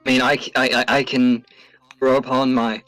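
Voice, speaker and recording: A man playing in a tabletop role-playing game, talking slowly and hesitantly as he decides what his character does. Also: mid-range voice, flat delivery, fairly bright tone, no echo, soft background music, poor audio. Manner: slow, hesitant, in-character decisions. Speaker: player.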